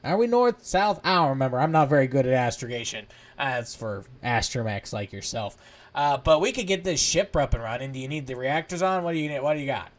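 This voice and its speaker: A man's voice: mid-range voice, a little fast, natural voice. A man voicing a chatty, rowdy droid foreman in a tabletop game. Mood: rambling. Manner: excited, rambling, loud.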